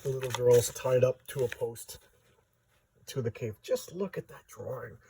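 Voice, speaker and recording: A man's voice: mid-range voice, a little slow, gravelly, mellow, recorded from a distance, a little hiss or hum. A man casually reviewing a comic book, stammering, repeating words and gushing over the art.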